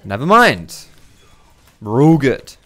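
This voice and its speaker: A man's voice: medium pitch, big pitch swings, slow pace, a bit bright. Chatty man commentating a game. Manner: chatty, swears freely, laughs often. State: out of breath. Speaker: gaming commentator. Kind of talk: casual gameplay commentary.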